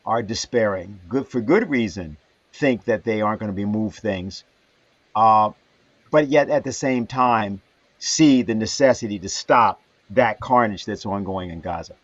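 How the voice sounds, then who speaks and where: A man hosting a livestream panel who speaks haltingly with many fillers. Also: on the low side, dry recording. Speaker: host. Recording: dull dry lo-fi audio.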